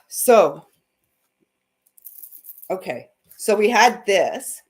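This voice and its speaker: A heartfelt woman leads a spiritual card reading on a live stream, with a voice of middling pitch for a woman. She laughs often and swings between quiet, tender remarks and sudden loud bursts. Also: animated, very slow, pauses often. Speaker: intuitive reader and host.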